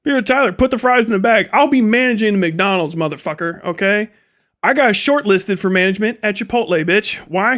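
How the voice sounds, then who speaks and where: A high-pitched young man talks on his own livestream. His rant is loose, profane and animated, and he breaks into laughter often. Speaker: livestream host.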